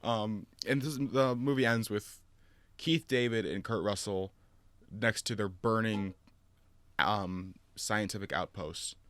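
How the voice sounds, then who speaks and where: Retelling movie scenes in a relaxed chat, this podcast co-host stays animated, laughing often and leaning on fillers. He speaks unhurriedly in a lower-leaning voice.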